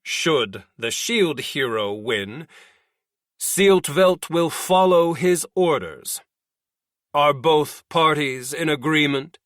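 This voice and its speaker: A man voicing a formal male official who announces duel terms in a loud, measured way. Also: on the high side, animated, no room sound, studio quality.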